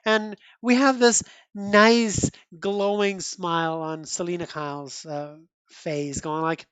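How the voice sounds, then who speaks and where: A woman chatting casually about comic books, with restarts and quick asides. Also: on the low side, fairly even intonation, smooth, dry recording. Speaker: comic book reviewer. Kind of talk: casual comic review chat.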